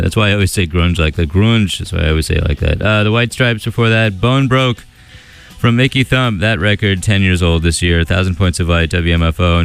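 A man hosting a radio show, chatting casually between songs with a relaxed, rambling delivery and many fillers into a studio microphone. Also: deep voice, gravelly, clear, resonant tone.

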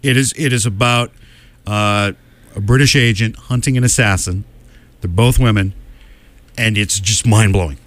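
A man co-hosting a casual podcast chat, listing award winners with quick opinions and frequent "uh" fillers. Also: lowish voice. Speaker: podcast co-host.

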